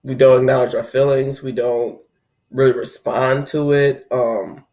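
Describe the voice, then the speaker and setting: A young man talks through heartbreak in a loose, conversational way, with his pitch sitting in the middle of the usual range. He often slips into playing other people's inner voices. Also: flat delivery, unhurried, a little mellow. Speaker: spiritual video host. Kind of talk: casual spoken talk on heartbreak.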